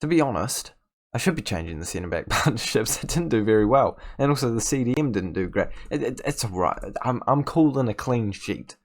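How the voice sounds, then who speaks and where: A young man talks over his football management game in a loose, chatty way, stumbling over his words. He grows exasperated and rants at his own players, and his voice sits at an ordinary middle pitch. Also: expressive, a little fast. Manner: exasperated, ranting at his players, stammering restarts. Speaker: gaming YouTuber. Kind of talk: casual gameplay commentary.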